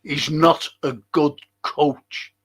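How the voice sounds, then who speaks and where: Hosting a live fan show, a man reads viewer comments aloud and rants bluntly, swearing plenty. His voice is fairly high and a bit bright, delivered flatly and very slowly.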